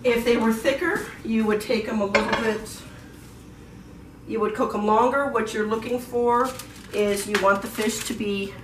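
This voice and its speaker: A woman's voice: fairly high pitch, steady tone, moderate pace. A woman who is half Australian gives a casual cooking demonstration in her home kitchen, talking through each step with many fillers. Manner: chatty, explains as she cooks, many fillers. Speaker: home cook. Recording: echoey room, distant mic, kitchen noise.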